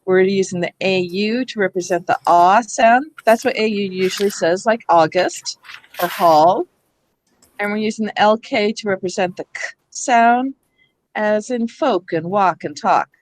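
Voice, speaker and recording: A woman running a hands-on workshop for teachers, patient and explanatory, often pausing to check that the group follows. Her voice sits at an ordinary middle pitch. It is recorded close and dry in a school room. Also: no room sound, low-quality recording. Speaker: reading workshop presenter for teachers.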